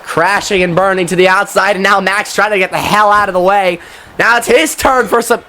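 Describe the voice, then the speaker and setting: A man giving casual, excitable wrestling commentary, chatty and quick to swear. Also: sits high.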